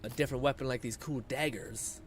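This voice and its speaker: A man's voice: mid-range voice, brisk, a little hiss or hum. A man live-streaming a video game, chatting casually, swearing and laughing while he reads viewer comments. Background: game music.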